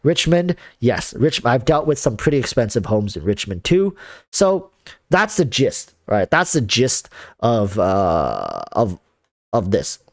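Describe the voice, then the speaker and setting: Animated rambling male streamer. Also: mid-range voice, takes it slowly, no echo, studio quality. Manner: rambling, animated, many fillers and restarts. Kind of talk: casual livestream chat.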